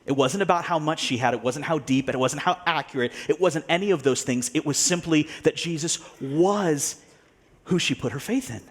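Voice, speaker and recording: At an ordinary pace and a somewhat high pitch, a preacher recounts a story in his sermon, lively throughout. He voices the characters he quotes and breaks into occasional laughter.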